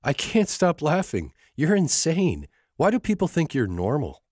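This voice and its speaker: A male audiobook narrator voicing a teasing, giggly young woman in a romance novel, his pitch lifted for her lines. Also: lively intonation, normal speed, a little mellow, no room sound, clean studio sound, lightly acted. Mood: laughing. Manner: teasing, breaking into laughter.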